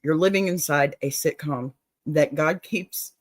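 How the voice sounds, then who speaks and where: A woman's voice: low-pitched, unhurried, dry recording. Playful woman reading an advice letter. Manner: playful, dramatic reading with laughs and asides. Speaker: advice show host.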